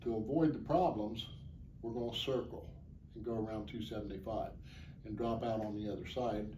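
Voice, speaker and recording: Earnest man with a mellow voice. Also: on the low side, steady tone, moderate pace, recorded from a distance. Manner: earnest, plainspoken, rambling. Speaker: charity motorcycle ride organizer. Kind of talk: interview answers. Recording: echoey, off-mic, faint background noise.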